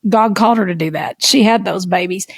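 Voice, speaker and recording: A woman with a Southern US accent co-hosting a podcast, telling a story in an animated, folksy way. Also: mid-range voice, fairly quick, husky, dry recording. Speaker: podcast co-host. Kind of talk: casual storytelling chat.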